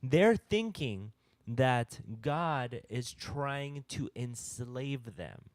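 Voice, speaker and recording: A man's voice: mid-range voice, animated, drawn-out words. A man leading a casual youth-group Bible discussion, teaching conversationally and checking in with "all right?".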